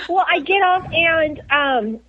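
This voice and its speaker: A woman telling a long rambling travel story in a casual chat, giggling as she goes. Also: very high voice. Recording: dull lo-fi sound.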